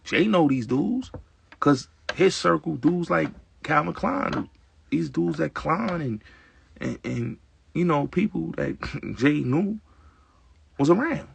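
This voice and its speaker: Man, very gravelly raspy voice, host talk, emphatic streetwise monologue. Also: mid-range voice, dry recording. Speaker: show host. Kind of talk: casual opinionated monologue.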